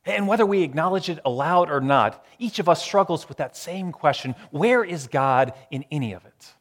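Middle-aged male pastor, sermon delivery, dynamic swings from loud to near-whisper. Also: on the high side, lively intonation, long reverb tail. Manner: dramatic pauses, swings from loud to hushed.

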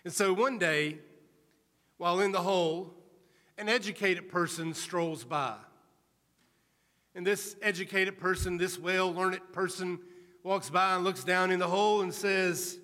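A male preacher giving an earnest sermon, telling a story in a measured, storytelling manner. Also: sits high, steady tone, sharp tone. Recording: reverberant hall.

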